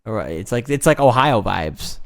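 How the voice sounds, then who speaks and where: A man's voice: on the low side, expressive, normal speed, gravelly. A young man in casual chat, rambling with crude slang. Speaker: podcast co-host.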